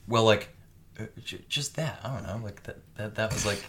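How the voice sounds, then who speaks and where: Young male co-host, lowish voice, playful teasing banter with lots of laughs. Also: normal speed, fairly bright tone. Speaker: podcast co-host. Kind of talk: casual chat.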